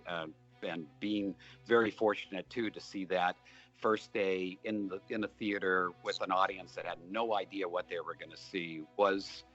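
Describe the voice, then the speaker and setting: Older guy rambling thru interview stories, deep voice, dry muffled sound. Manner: rambling, storytelling, many fillers. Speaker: film director being interviewed. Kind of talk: relaxed interview talk.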